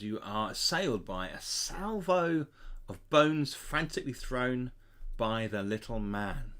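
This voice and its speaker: A man reads a gamebook aloud, his pitch rising and falling expressively. He breaks off now and then for casual asides to his viewers, sounding relaxed and chatty. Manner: lively reading with casual asides to chat. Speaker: gamebook player and channel host. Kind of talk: reading aloud and commenting on a gamebook.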